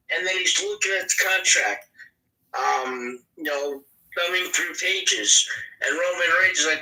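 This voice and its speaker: A man casually recapping on a podcast, his voice slightly high and very bright. He rambles and leans on fillers. The sound is roomy and echoey, picked up from a little distance. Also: normal speed. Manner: rambling, filler-heavy storytelling. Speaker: podcast host.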